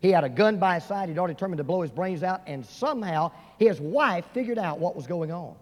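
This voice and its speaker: A man with a notably high voice preaches from the pulpit, telling stories with lively acted-out voices. His words ring through a large church sanctuary, trailing a long echo. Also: fast. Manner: storytelling preacher who acts out quoted voices. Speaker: pastor. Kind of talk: sermon. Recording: long reverb of a large hall.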